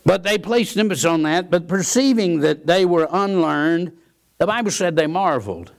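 A man's voice: high-pitched, lively intonation, normal speed, vocal fry. A man preaching a sermon, earnest and given to repeating his words. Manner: earnest, repeats words, quotes scripture and hymns.

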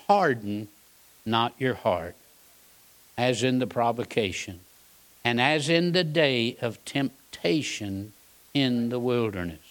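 A man preaching a sermon, folksy and emphatic, repeating his points and asking "all right?". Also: mid-range voice. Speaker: pastor; Bible college teacher.

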